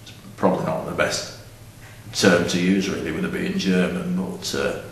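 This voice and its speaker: A middle-aged man with a deep, low voice, rambling bluntly in a deadpan comic monologue. He sounds set back from the mic in a very echoey room, with faint ambient noise behind. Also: normal speed, creaky, recorded from a distance.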